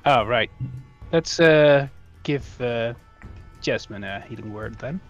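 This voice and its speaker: Hesitant man thinking out loud at the table. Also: medium pitch, slow, dull audio, soft background music. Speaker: player. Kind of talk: casual tabletop game talk.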